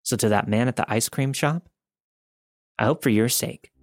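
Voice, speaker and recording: A man reads a listener's true story for a podcast, keeping a calm, even storytelling pace. His voice sits at an ordinary middle pitch. The sound is dry and close, with no room around it. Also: normal speed, no echo, soft background music. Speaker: podcast host reading listener stories. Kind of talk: scripted first-person narration.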